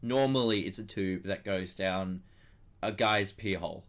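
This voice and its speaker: A man's voice: low-pitched, measured pace. A man co-hosting a casual podcast, explaining things plainly and agreeing with his co-host. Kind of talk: casual chat.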